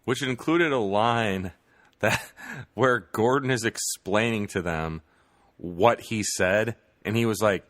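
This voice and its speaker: A man's voice: on the low side, takes it slowly, a bit bright, no echo. A man co-hosting a podcast, retelling movie scenes from his notes and quoting lines. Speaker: podcast co-host. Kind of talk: casual movie review chat.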